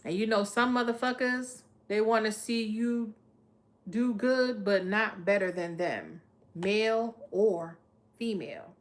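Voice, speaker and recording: A woman doing a live tarot reading, speaking. She is blunt and profane, talking to viewers in a streetwise, no-nonsense way. Her voice sits at a middle pitch. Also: takes it slowly. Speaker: tarot reader.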